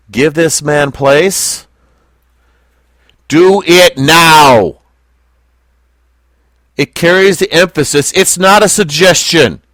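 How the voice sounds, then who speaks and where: A man teaching a Bible lesson to a small group, speaking slowly and deliberately and putting questions to his listeners. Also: fairly high pitch, a bit bright, no echo, clean studio sound. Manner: slow, deliberate, asks the class questions.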